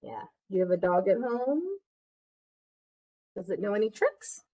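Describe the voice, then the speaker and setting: A woman's voice: medium pitch, sing-song, measured pace, warm tone, low-quality recording. Woman reading a picture book to children. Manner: interactive, asks children questions. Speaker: children's librarian. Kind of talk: picture-book read-aloud.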